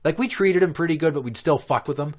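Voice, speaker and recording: Talking fast in a fairly high voice, this podcast host from Minnesota spins casual, foul-mouthed stories. He keeps cracking himself up along the way.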